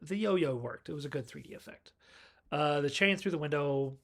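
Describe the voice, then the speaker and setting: A man's voice: on the high side, moderate pace. Chatty man recapping a movie. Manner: chatty storyteller, acts out characters' lines. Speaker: movie reviewer.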